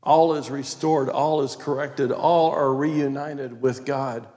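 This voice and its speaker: A man preaching a sermon as pastor, reading scripture aloud and stressing key words, sometimes dropping to a quiet, prayerful tone. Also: mid-range voice, fairly even intonation, slow. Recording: long reverb of a large hall.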